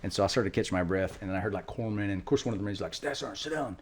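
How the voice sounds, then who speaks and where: A middle-aged man, a retired Marine, telling war stories quickly in an interview, acting out quotes. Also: deep voice. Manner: fast, animated war storytelling with acted quotes. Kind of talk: storytelling interview.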